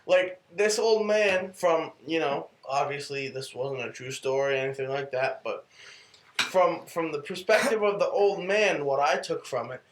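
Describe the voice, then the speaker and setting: Reflective male co-host, a bit higher-pitched, echoey room. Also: normal speed, slight background noise. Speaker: podcast co-host. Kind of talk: casual faith podcast talk. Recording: roomy room echo.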